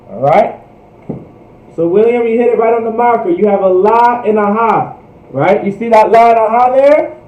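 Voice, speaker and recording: A high-pitched man teaches a language class, repeating each phrase slowly and breaking off into casual asides. He sounds far from the mic in a roomy space, and the recording is dull. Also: mellow. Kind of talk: livestreamed language lesson. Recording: echoey, distant, dull lo-fi room sound.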